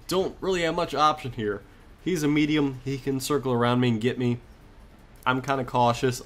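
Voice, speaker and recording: A man talks casually over footage of his own game, rambling and full of fillers. He gets worked up and excited as he goes. His pitch sits in the ordinary middle range for a man. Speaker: gaming commentator. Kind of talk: casual gameplay commentary.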